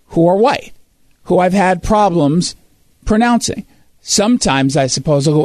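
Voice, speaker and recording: A man's voice: high voice, animated, measured pace, no echo. A man hosting a talk show, reading quotes and reacting with sarcastic, emphatic commentary.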